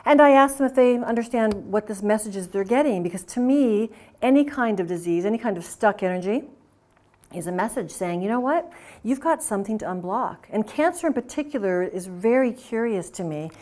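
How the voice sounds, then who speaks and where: A woman talking at a conference at a middle pitch. She tells her stories with energy and slips into the voices of the people in them. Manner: animated, acts out the dialogue of her stories. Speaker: conference speaker. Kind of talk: lecture storytelling. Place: conference hall.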